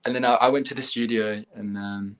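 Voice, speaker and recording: A man's voice: medium pitch, brisk. Casting: a young man as a laid-back singer, mid-range voice, chatty. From England. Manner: relaxed, easygoing, hesitant with ums. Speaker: guest singer. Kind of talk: casual interview chat.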